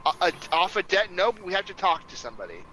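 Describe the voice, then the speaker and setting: A man's voice: high voice, big pitch swings, fast, bright, forceful tone, a little hiss or hum, full character voice, poor audio. A man playing a flustered apologetic adventurer. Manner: stammering, apologetic.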